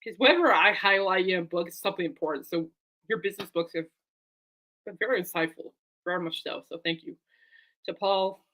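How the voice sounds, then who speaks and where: A woman's voice: fairly low pitch, a little fast, sharp tone. A woman talking casually to her camera as a vlogger and fan, rambling and heartfelt, turning aside to talk to her dog.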